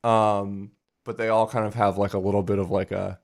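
Young guy rambling on a podcast, kinda low voice, lots of likes and ums. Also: flat delivery, normal speed, creaky. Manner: rambling, filler-heavy, laughs often. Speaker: podcast co-host. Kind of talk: casual chat.

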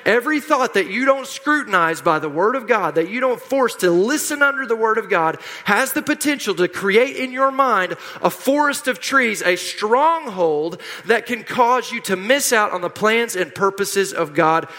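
A man's voice: high voice, lively intonation, normal speed, few pauses, sharp tone. A middle-aged man preaching a sermon, emphatic and repetitive, leading the congregation in call-and-response. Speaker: pastor. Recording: long hall reverb.

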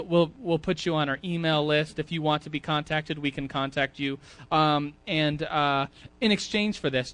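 A man's voice: on the high side, a bit bright. A man teaching a Sunday school class in a church, talking casually, often repeating words and asking the audience questions. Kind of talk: casual sermon.

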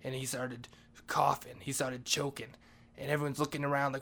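Male comic host as janitor, rambling, cursing, bright tone. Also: medium pitch, a little fast, gravelly. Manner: rambling, profane, deadpan. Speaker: comedy podcast host playing a janitor. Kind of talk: comedic monologue.

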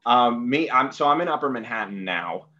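A man from New City, a podcast guest talking casually and haltingly, full of ums and uhs. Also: medium pitch, lively intonation, pushed and bright, highs cut off. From New York City. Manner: hesitant, lots of fillers and restarts. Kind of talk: casual conversation.

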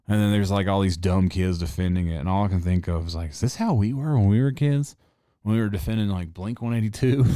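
Young male podcast host, low voice, dry close sound, rambling and profane. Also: a little mellow, dry recording. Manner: rambling, profane, laughing asides. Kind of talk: casual chat.

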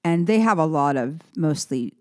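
A woman's voice: low-pitched, lively intonation, moderate pace, dry recording, studio quality. A woman musician chatting as an interview guest, rambling and correcting herself, with easy laughs. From San Francisco Bay Area. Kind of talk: casual interview chat.

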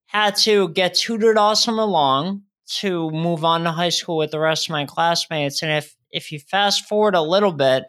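Earnest man telling his story, halting. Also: a little high, a bit bright. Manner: earnest, halting, with frequent restarts. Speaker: guest, motivational speaker. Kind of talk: casual storytelling in a podcast interview.

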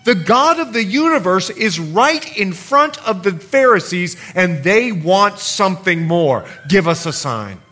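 A middle-aged man preaching a sermon in an animated way, swinging between loud passages and hushed ones and acting out the voices in the scripture. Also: high-pitched, unhurried, hardly any pauses.

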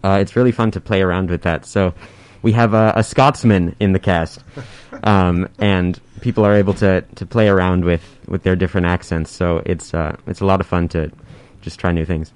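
Teen boy with a very low voice, hesitant and full of restarts. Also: fairly even intonation, normal speed, few pauses, a little mellow, clear, resonant tone. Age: teens. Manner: hesitant, many ums and restarts. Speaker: high school actor. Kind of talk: casual interview talk.

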